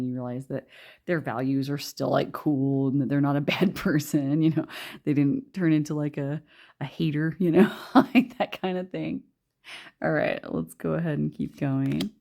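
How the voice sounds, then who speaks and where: A woman giving a casual pick-a-card tarot reading, chatty and rambling with lots of fillers, pausing to read card messages aloud. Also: rumbling low, creaky, warm tone. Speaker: tarot reader.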